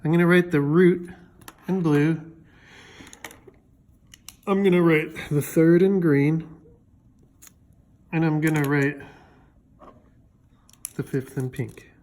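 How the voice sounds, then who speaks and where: A man's voice: a little high, fairly even intonation, takes it slowly, pauses often, darkish tone. A man teaching music theory in a loose, chatty way, with fillers and jokey asides. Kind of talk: casual explanatory lesson.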